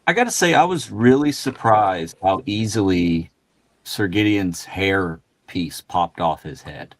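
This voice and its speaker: Deep-voiced man, wry and matter-of-fact. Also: animated, a little slow, no room sound. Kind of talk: casual group chat on a call.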